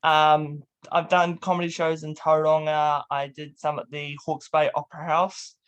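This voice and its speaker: Playful young New host. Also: male voice, on the high side, flat delivery, normal speed, a bit bright, clean tone. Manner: playful, laughs often. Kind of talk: casual chat.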